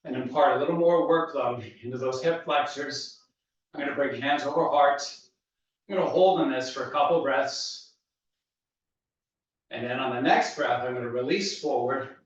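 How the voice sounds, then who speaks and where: Man, fitness instructor, out of breath, calm coaching cues, distant mic, echoey dull recording. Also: medium pitch. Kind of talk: guided workout instruction. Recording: echoey room, voice from far off, dull sound.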